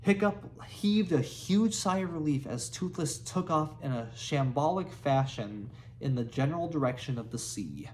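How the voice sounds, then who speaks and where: A man's voice: a little high, lively intonation, normal speed, few pauses, a little mellow, a little hiss or hum. A man reading a children's book aloud, laughing now and then and restarting words. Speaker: reader.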